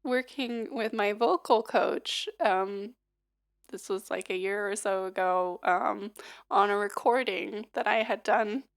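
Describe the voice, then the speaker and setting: Speaking slowly at a medium pitch, a hoarse American singer who livestreams guides viewers through a vocal warm-up. Her talk is casual and meandering, peppered with filler words and small laughs.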